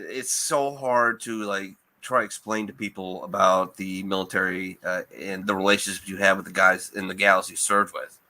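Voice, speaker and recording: Forceful, lower-voiced male podcast host. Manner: loose, profane storytelling. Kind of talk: casual chat.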